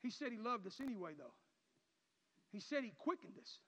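High-voiced preacher, shouting and murmuring. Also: male voice, very animated, a little fast. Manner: impassioned preaching, swinging from shouts to low murmurs. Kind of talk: sermon. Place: church sanctuary. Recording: muffled sound with long hall reverb.

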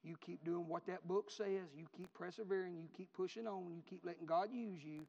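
A man preaching a sermon, repeating phrases in a rhythmic build that rises to shouts. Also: sits high, steady tone, fairly quick, gravelly. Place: church. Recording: reverberant hall, dull lo-fi.

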